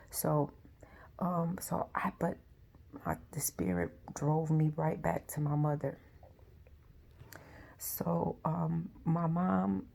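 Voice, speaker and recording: Gravelly low-voiced woman, soft and halting. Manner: soft, halting, with frequent pauses and restarts; often drops to a near whisper. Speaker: vlogger. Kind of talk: personal storytelling.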